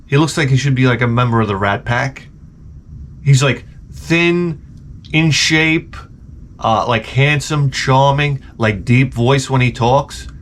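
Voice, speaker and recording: A man's voice: medium pitch, slow, a bit bright, slight background noise. Middle-aged Long Island guy, sarcastic rambling rant, lots of swearing. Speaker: vlogger. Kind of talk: ranting comedic storytelling.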